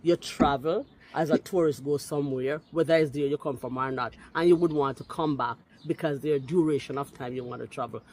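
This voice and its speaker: A Jamaican-accented woman caller, forcefully rebutting in a heated call-in, slipping into patois. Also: sits low, steady tone, brisk, hardly any pauses. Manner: forceful, indignant, patois-laced.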